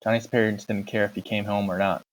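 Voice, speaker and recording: Low-voiced man reading a novel aloud. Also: little pitch movement, fast, rough recording. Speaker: audiobook reader.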